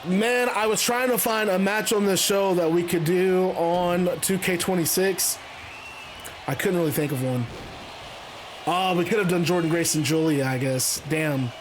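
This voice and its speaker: A man with a high voice calls wrestling action in a loose, rambling way, restarting his sentences as he goes. A faint hum of ambience sits under his voice. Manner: rambling, stop-start phrasing. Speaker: host. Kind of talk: casual wrestling play-by-play narration.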